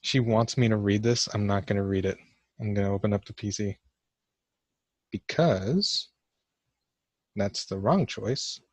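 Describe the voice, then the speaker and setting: A young man gives casual let's-play commentary for a class vlog, awkward and joking at his own expense. His voice is fairly low, he speaks at normal speed with frequent pauses, and there's no echo.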